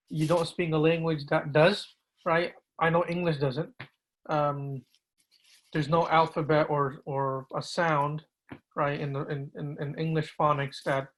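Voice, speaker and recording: Man, imam leading a recitation class; slow, patient, gently corrective delivery. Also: a little high, poor audio. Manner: repeats words slowly, gently corrects. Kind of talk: patient pronunciation lesson.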